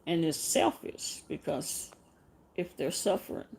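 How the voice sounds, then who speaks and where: Slow, gravelly-voiced woman talking softly. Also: deep voice, slight background noise. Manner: halting, repeats words, speaks softly and slowly. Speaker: show host. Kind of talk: casual live chat.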